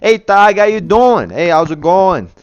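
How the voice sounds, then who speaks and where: A man's voice: high-pitched, very animated, a little slow, smooth, no echo, highs cut off, pitched above the performer's own voice. A man voicing a tiny stone bandit statue come alive, a brash and taunting little figure in a tabletop game. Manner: cocky, mocking taunts.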